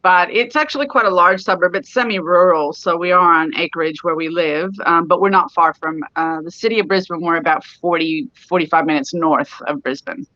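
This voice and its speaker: A woman's voice: on the low side, a little fast, few pauses, bright, forceful tone, no echo. A middle-aged woman from California, a spa owner chatting as a guest in a remote interview. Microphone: video call. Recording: dull lo-fi call audio.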